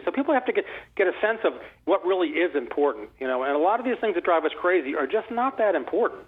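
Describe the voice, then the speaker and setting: An older man in his sixties talks quickly and eagerly, his fairly high voice coming through a thin, phone-like line. He rambles through his stories with many restarts and self-corrections. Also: big pitch swings, husky. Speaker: author and interview guest. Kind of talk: casual conversational storytelling.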